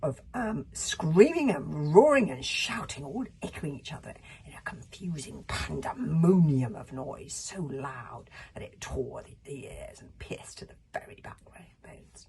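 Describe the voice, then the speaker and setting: Very breathy woman reading aloud. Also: low-pitched, animated, unhurried, hardly any pauses, dark tone, whispered. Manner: chatty, comments on the story. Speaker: reader. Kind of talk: reading a book aloud with casual asides.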